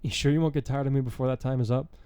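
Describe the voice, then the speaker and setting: A man voicing a cheerful, affectionate teenage girl with a soft, giggly manner in a fan story reading. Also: mid-range voice, steady tone, very fast, clear, resonant tone, pitched above the performer's own voice, natural voice. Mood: tender.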